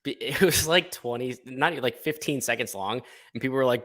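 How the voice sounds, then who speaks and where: A man chatting as a guest on a podcast, animated and casually profane, acting out little quotes as he talks. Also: medium pitch, brisk. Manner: animated storyteller, swears casually, acts out quotes. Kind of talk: casual chat.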